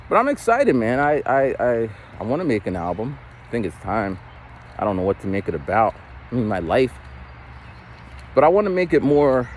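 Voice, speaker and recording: A man's voice: mid-range voice, darkish tone, a little hiss or hum. Rambling man in his forties on a walk. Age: 40s. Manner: rambling, loose, swears casually. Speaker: vlogger. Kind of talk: casual walking monologue.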